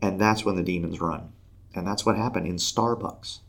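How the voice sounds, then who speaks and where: A man telling a faith story in a lively conversational way, acting out the voices of the people in it. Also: sits low, normal speed, gravelly. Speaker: podcast guest telling a story. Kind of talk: animated storytelling.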